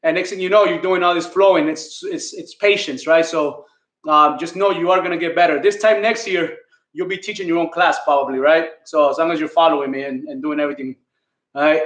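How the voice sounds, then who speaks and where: A man's voice: a little high, steady tone, fairly quick, a bit bright, roomy sound. A man leading a live online kettlebell class, counting reps and giving coaching cues while out of breath. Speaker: fitness coach.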